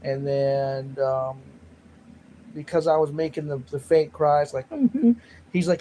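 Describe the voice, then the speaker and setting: A man's voice: mid-range voice, fairly even intonation, takes it slowly, pauses often, warm tone, a little hiss or hum, rough recording. A man hosting his own livestream, rambling and joking about himself while reading the chat. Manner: rambling, self-mocking, reads chat aloud. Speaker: livestream host.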